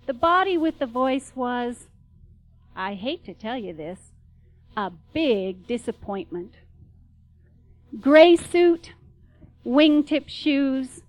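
A woman's voice: high voice, no room sound, poor audio. A middle-aged woman giving a wry, dramatic spoken-word storytelling performance.

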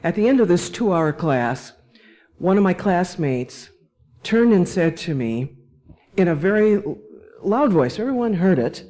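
A woman from Alabama speaks as a panelist. She tells a personal story at an unhurried pace, wry and measured, with a dry humor that carries through her telling. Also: lowish voice, sing-song, dark tone.

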